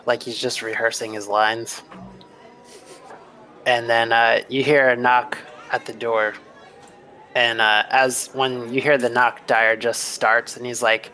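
A man's voice: mid-range voice, flat delivery, slow, bright, forceful tone, rough recording. Rambling male game master. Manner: loose, rambling with many fillers. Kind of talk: narrating a tabletop game.

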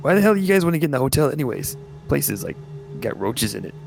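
A man's voice: mid-range voice, very animated, fast talker, gravelly, over music, voice pushed up. A man doing a filthy cursing vampire recluse. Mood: grumbling. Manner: cursing, squawking indignantly.

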